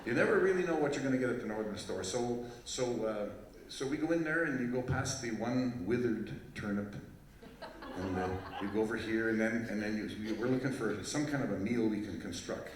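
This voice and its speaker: A man's voice: medium pitch, animated, brisk. A man telling a rambling, joking story to a live audience from a festival stage, with lots of fillers and restarts. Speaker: fiddler introducing a tune on stage. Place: large hall at a live festival show. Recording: very echoey hall, voice from far off, faint crowd ambience.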